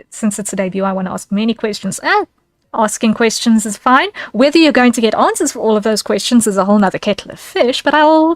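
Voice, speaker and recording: A woman's voice: on the high side, a little fast, no echo. A woman streaming as a VTuber, chatting casually with her viewers, giggling and thanking them by name.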